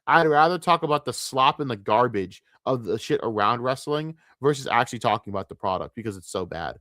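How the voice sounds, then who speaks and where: A young man rants on a livestream, fed up, cursing freely and tripping over his own restarts. His voice sits at an ordinary middle pitch. It is recorded dry and close, with no room sound around it. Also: fairly bright tone, dry recording. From United States. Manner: frustrated, profane, repetitive stammering restarts. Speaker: streamer. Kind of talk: casual ranting livestream.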